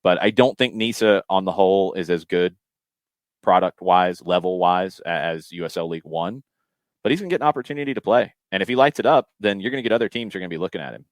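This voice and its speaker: A man's voice: deep voice, animated, fast, no room sound. A man hosting a casual soccer podcast, reading out listener questions and thinking aloud with frequent restarts and fillers. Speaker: podcast host.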